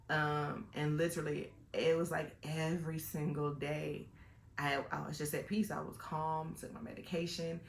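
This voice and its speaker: A woman talks to her vlog audience in a loose, rambling way, with plenty of "um"s and restarts. Her voice has a rough, gravelly edge, and the room around her echoes noticeably. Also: sits low, a little hiss or hum. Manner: chatty and rambling, with many fillers and restarts. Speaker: vlogger. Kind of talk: personal storytelling vlog.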